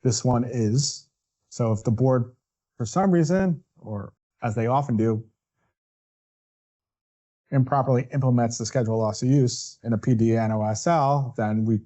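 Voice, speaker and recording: A man's voice: fairly low pitch, moderate pace, mellow. A man presenting a legal webinar as a defense attorney. He walks through the steps one by one and checks in with asides like "right?". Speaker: workers' compensation defense attorney.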